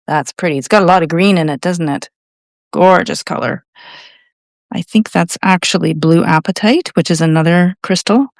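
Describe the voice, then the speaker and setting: A woman's voice: low voice, no echo, clean studio sound. Chatty Canadian woman teaching painting. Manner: chatty, enthusiastic, thinking aloud. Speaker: art tutor. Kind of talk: real-time painting tutorial.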